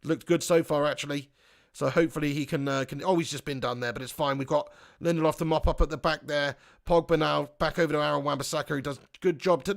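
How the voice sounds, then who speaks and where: A man hosting a live football watch-along, reading out chat comments and shouting at the big chances. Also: on the high side, steady tone, quick pace, gravelly.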